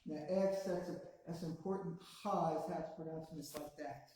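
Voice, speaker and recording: A man teaching a language class, pronouncing each word slowly and patiently so the class can repeat it back. His voice sits a little high for a man. The room around him is strongly echoey. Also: fairly even intonation, mellow. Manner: slow and patient, says words for the class to repeat. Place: classroom, also streamed to a video call.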